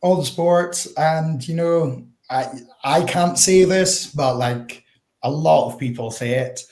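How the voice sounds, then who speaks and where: A Northeast Scottish man chats as a guest over a video call, his voice sitting a little high. He rambles through stories with plenty of wee asides and laughs. The sound is echoey, as from a bare room at home. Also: slow, darkish tone. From Northeast Scotland. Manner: chatty storyteller, laughs often, uses Scots words like wee. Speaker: guest, whisky ambassador.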